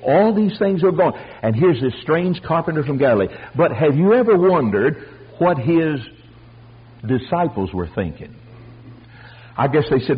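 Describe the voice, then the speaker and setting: An older man preaching a folksy storytelling sermon, animated and acting out the voices of the people in his stories. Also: a little high, moderate pace, husky, lo-fi sound. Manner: animated, acts out voices, chuckles.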